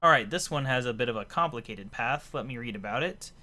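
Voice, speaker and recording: A man giving casual, thinking-aloud commentary as he plays a game, his voice a little hoarse. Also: medium pitch, fairly quick. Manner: relaxed, thinking aloud while playing. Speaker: let's play commentator.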